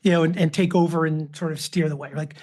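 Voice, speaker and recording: A man's voice: fairly high pitch, steady tone, fast talker, darkish tone. A man in his fifties, a father and author, telling stories as a guest in a casual podcast interview. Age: 50s. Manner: anecdotal, acts out quoted voices.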